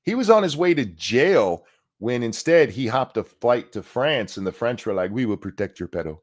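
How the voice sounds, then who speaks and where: A man's voice: medium pitch, sing-song, normal speed. A middle-aged man co-hosting a casual podcast chat, ranting with strong opinions. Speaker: co-host.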